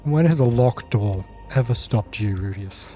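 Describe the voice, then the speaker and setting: A man's voice: mid-range voice, expressive, dark tone, soft background music. A man playing a tabletop horror game, joking and bantering with the table. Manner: joking, quick banter, laughs often. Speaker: player.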